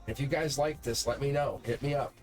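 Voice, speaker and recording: A man of middle pitch teaches tarot in an unscripted, reflective way, wandering from one thought to the next as he encourages the listener. Faint music plays quietly under his voice. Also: fairly even intonation, fairly quick. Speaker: tarot reader and channel host. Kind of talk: unscripted tarot lesson to camera.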